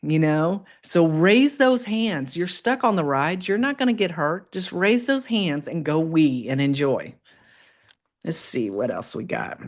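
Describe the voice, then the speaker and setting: Woman with a low voice doing a chatty motivational live stream, upbeat, pep-talk feel, swoops way up when she gets excited. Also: unhurried. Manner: upbeat and encouraging, with swoops up in pitch on exclamations; chatty, reads out and answers viewer comments. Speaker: livestream host. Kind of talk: casual motivational livestream talk.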